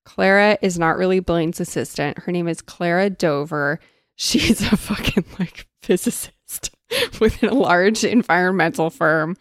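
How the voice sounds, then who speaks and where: A woman co-hosting a podcast, animated and swearing freely while discussing a book. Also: on the low side, a little slow, dry recording, studio quality.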